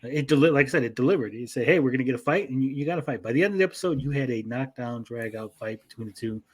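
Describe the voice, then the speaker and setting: Male co-host, casual and profane, mid pitch, breaks into quick quoted voices while recapping. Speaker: podcast host. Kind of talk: casual chat.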